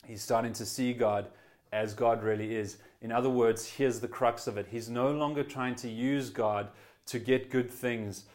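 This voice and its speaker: Male pastor mid-sermon, earnest and talky, stumbles and restarts, medium pitch. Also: steady tone, moderate pace. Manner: earnest, conversational preaching with restarts; voice swells then drops to quiet emphasis.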